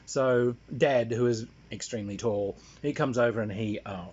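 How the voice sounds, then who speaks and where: Husky aussie guy rambling through a story, wry, lots of ums, dull lo-fi audio. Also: medium pitch, normal speed, a little mellow. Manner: rambling, wry, many fillers. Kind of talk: casual spoken anecdote. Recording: dull lo-fi sound.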